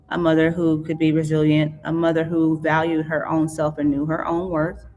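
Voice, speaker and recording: Middle-aged woman, low voice, earnest reflective tone, long reverb. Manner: earnest, reflective, halting with restarts. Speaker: author and interview guest. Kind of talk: emotional life-story interview.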